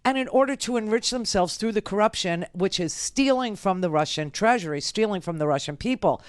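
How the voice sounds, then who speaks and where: A woman's voice: mid-range voice, animated, brisk, no echo. A woman hosting political talk radio, brash and emphatic with rambling asides. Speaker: radio talk show host.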